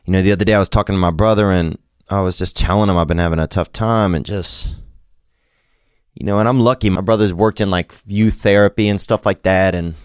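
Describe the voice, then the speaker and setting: A man telling a personal story in a rambling, halting way, reflective and emotionally open, with lots of slang and restarts. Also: deep voice, fairly even intonation, clear, resonant tone, no echo, studio quality. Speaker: podcast host. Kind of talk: confessional storytelling.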